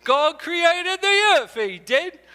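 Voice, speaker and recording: A man voicing a silly, cheery British man reading scripture on the radio, in a drawn-out, sing-song put-on British accent. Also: very high voice, animated, bright, forceful tone, voice pushed up, exaggerated voice. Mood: chirpy. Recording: echoey hall.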